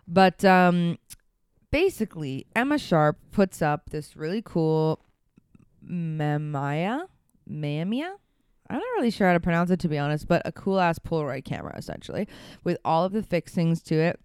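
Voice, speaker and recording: A woman's voice: lowish voice, expressive, a little fast, a little mellow, smooth, dry recording. Female co-host, chatty and laughing, dry close recording. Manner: chatty, laughs often, many fillers. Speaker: podcast co-host. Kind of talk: casual podcast chat.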